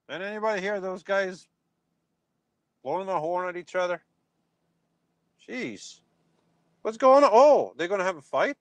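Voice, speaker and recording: A man's voice: high-pitched, measured pace, pauses often, dry recording. A man talking casually on a live stream from his phone, reacting and answering viewers' comments. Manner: animated, talks back to chat comments. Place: outdoors in a yard at dusk.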